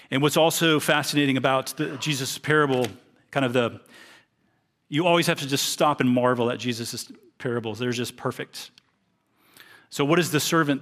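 A man's voice: mid-range voice, a bit bright. A man preaching a sermon, reading a parable aloud and explaining it earnestly. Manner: earnest, reads scripture aloud then explains it.

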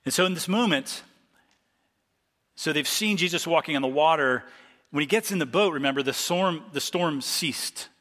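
Pastor guy from ohio preaching, bright tense voice, kinda high, big echo behind him. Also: moderate pace. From Ohio, USA. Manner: conversational teaching with restarts, reads scripture aloud. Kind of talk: expository sermon.

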